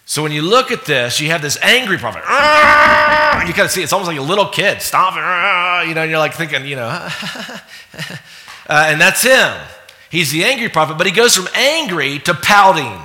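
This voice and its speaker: Animated preacher man in echoing hall. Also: fairly high pitch, a little fast. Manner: animated, acts out voices, laughs often. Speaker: pastor. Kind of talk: sermon. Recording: long hall reverb.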